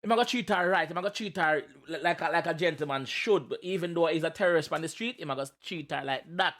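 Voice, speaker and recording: A Jamaican man with a high, lifted voice reacts to a track in animated patois. He jokes, shouts and chants, with his energy spilling over. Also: fast. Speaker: reaction video host.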